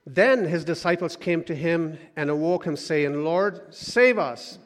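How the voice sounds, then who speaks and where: A man preaching a conversational sermon, repeating words and dropping quiet when he quotes scripture. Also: a little high, steady tone, a little slow, in a large hall. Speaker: pastor.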